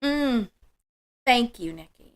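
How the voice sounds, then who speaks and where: Slow, gentle woman hosting a spiritual livestream. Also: a little high, lively intonation, clean tone. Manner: warm, emotional, affirming, slow and soft-spoken. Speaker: livestream host. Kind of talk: spiritual livestream chat, answering viewers.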